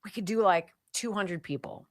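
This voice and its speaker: A woman's voice: medium pitch, normal speed, no echo. Chatty woman radio host, dry studio sound. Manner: chatty, emphatic, jokey and sarcastic. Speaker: radio talk show host. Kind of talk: live radio host reading sponsor ads.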